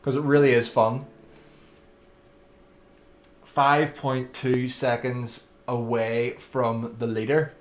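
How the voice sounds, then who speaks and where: A man's voice: mid-range voice, level tone, takes it slowly, pauses often. A man commentating his own racing game live and chatting to viewers by name. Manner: chatty, addresses viewers by name, friendly banter. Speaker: livestreamer.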